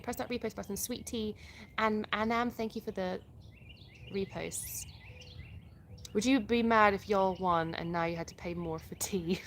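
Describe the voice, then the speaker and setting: Her voice is fairly low in pitch, and the recording carries a little hiss or hum. She's an English livestream host with an English accent, going through viewer comments out loud and replying in a chatty way, frequently starting her sentences over.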